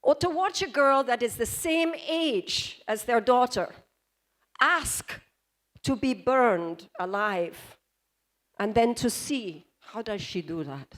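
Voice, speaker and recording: A patient male theatre director, as a woman quotes him, coaching an actor in slow, unhurried notes over a high voice. he stays calm and guides rather than pushes.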